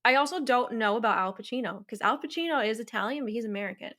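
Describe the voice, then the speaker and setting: A woman's voice: on the high side, fast, a bit bright. A woman co-hosting a film podcast, talking earnestly in casual chat. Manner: earnest, repeats "I really hope". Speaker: podcast co-host.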